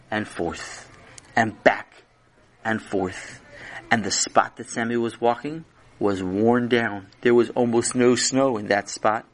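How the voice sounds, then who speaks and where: A man narrating a children's story with animated, dramatic storytelling. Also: medium pitch.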